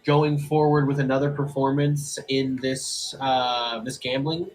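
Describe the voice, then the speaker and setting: Man, game master, relaxed narration, frequent fillers, mid pitch. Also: a little slow, soft background music, poor audio. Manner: relaxed, hesitant with many fillers.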